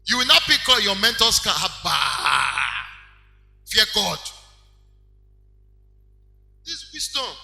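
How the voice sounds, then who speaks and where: Animated preacher man, bright voice. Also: sits high, slow, creaky, long pauses. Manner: animated preaching, acting out little dialogues. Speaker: pastor. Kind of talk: sermon. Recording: echoey hall with faint music.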